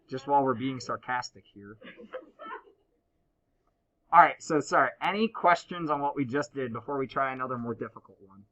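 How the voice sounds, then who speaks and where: A man teaching a high school math class, explaining step by step and teasing his students. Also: normal speed, long pauses, sharp tone, highs cut off, a little hiss or hum. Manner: playful, teasing banter with students. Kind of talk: classroom lecture.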